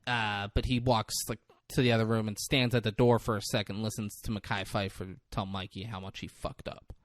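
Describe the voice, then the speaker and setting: A man's voice: lowish voice, little pitch movement, dry recording. Brief: male podcast co-host, casual, swears a lot, acts out dialogue while recapping; dry close sound. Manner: profane, acts out characters' lines in quick bursts. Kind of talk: casual movie recap chat.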